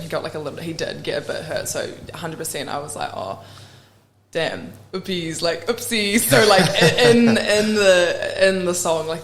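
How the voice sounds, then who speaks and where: A woman's voice: sits low, slight background noise. A young woman with a New Zealand accent, chatting as a podcast guest, laughing often and acting out what people said, with many "like" fillers. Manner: animated, laughs often, acts out quoted exchanges, many "like" fillers. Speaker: podcast guest, rock band singer. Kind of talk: casual podcast chat. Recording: roomy echo with faint ambience.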